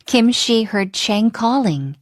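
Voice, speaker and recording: A woman reading a children's storybook aloud in a slow, expressive way, acting out the characters. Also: on the high side, no echo, studio quality.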